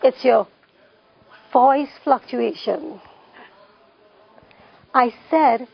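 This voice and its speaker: Woman instructor, high and gravelly voice, repeats key points, dull lo-fi recording. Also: measured pace. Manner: repeats key phrases, emphatic. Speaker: parenting class instructor. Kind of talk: classroom teaching with questions to the audience.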